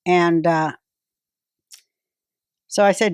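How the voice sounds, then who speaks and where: A woman's voice: lowish voice, unhurried, no echo, clean studio sound. An older woman hosting a podcast, telling stories in a blunt, drawling, comic way as casual chat. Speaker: podcast host.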